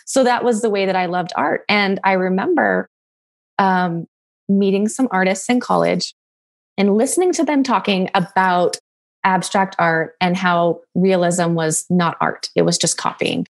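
A young woman telling a personal story in relaxed conversation. She is candid and animated, laughs often and swears casually. Her voice sits at a middle pitch. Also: a little slow, vocal fry.

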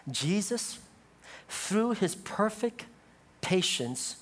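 Dramatic preaching man, swinging loud to hushed. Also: high voice. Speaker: pastor. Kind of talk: sermon.

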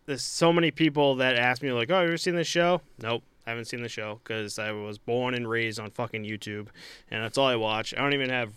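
A young man co-hosting a podcast in casual chat, animated, laughing and swearing often. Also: mid-range voice, fairly quick, smooth, dry recording. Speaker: podcast co-host.

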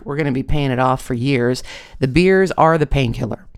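A blunt, brash young woman, fed up and swearing, as a storyteller puts her on. The voice sits a little higher and louder, with a gravelly edge. It is spoken in a storytelling read-aloud style. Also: moderate pace. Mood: exasperated.

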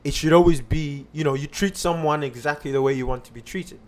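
A man's voice: fairly high pitch, brisk. A man on a podcast casually telling a personal story, rambling with lots of fillers and restarts.

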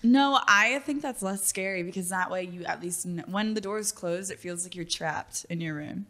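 A woman's voice: on the low side, normal speed, pushed and bright. Giggly chatty young woman. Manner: chatty, giggly, filler-heavy. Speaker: podcast co-host. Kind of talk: casual chat.

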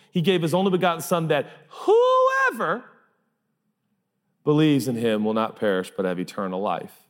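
A man preaching a sermon as pastor, emphatic and repeating phrases for effect, in a large church hall. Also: fairly low pitch. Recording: long reverb of a large hall.

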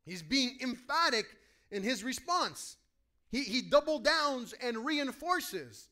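Speaking very high and slowly, this male pastor delivers a lively sermon to the congregation. He performs quoted voices and asks the people listening questions.

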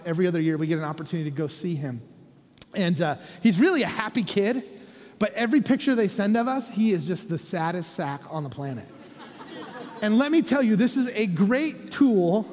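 Animated high-voiced pastor in a hall. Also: male voice. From North America. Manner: animated, humorous preaching with quiet, soft-spoken endings. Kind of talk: sermon. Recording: reverberant church hall.

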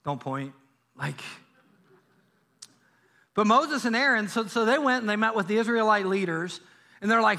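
A male pastor preaching a sermon in a church, telling a Bible story in a lively way and acting out the characters' lines. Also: high voice, normal speed. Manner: animated storytelling, acts out biblical dialogue. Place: church sanctuary.

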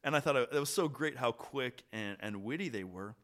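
A man hosting a podcast, telling a hiking story in a relaxed, chatty way with pauses and restarts. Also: medium pitch. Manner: animated, trailing pauses and restarts. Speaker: podcast host. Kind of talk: casual storytelling chat.

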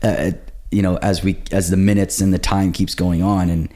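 A young man with a deep, low voice tells a personal story in a relaxed podcast chat. He acts out what others said as he goes, telling it in an animated, storytelling way. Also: moderate pace, slight background noise. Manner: animated storyteller acting out quotes. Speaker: pastor telling his story. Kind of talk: casual podcast conversation.

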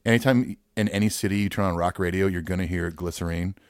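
A man's voice: deep voice, fast talker, dry recording, clean studio sound. A man co-hosting a casual podcast, easygoing and agreeable. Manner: easygoing, agreeable, laid-back. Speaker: podcast co-host. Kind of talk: casual chat.

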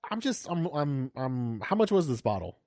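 Male co-host, bantering and jokey, swears a lot, very animated delivery. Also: mid-range voice, normal speed. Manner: teasing, laughing, profane. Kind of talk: casual group chat.

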